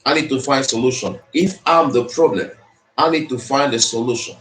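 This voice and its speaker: Motivational speaker, man, mid-pitched, preachy and repetitive, in an echoey room. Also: normal speed, fairly bright tone. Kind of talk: motivational speech. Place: speaking to an audience in the Philippines. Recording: roomy echo.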